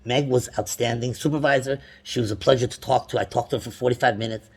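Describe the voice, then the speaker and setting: A man's voice: medium pitch, fairly even intonation, quick pace, breathy edge. A man on a phone call, complaining at length about a bank with frustrated, repetitive restarts and sudden outbursts. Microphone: phone call recording.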